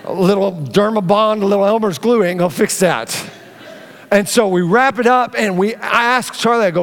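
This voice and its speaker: A middle-aged man preaching a sermon, telling a family story and acting out the dialogue in an animated way. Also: high-pitched, brisk. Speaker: pastor. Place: church auditorium. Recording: long hall reverb.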